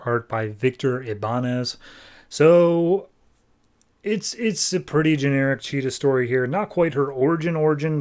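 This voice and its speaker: A man's voice: mid-range voice, a little mellow. A man hosting a podcast, recapping and reviewing comics in a casual, wry way with frequent restarts.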